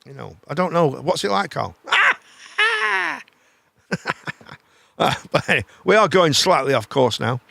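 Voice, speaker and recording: Man, live chat show host, rambling and swearing, bright gravelly voice, dry close sound. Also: medium pitch, brisk, hardly any pauses, no room sound. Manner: animated, rambling, swears freely, repeats himself.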